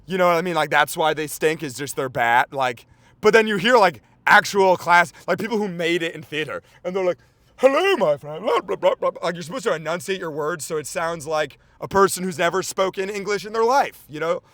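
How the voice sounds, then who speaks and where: A man hosting a podcast, rambling in casual chat with lots of swearing, fillers and excitable outbursts. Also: fairly high pitch, fairly quick, no room sound. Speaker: podcast host.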